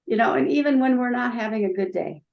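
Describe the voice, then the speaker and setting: A woman's voice: a little high, quick pace, gravelly, dull audio. A woman hosting a casual interview podcast, chiming in with encouraging agreement. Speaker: podcast host. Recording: roomy echo.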